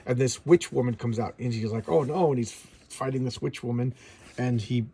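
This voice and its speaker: A middle-aged man casually reviewing an old comic book, rambling and animated, acting out bits of dialogue as he goes. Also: medium pitch, normal speed, slight background noise.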